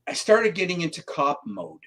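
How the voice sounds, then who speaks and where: Here a guest psychic, a middle-aged Canadian man, talks at a moderate pace in a slightly high voice on a rough recording. He's animated as he relates a story in a casual interview, acting out the voices of its characters.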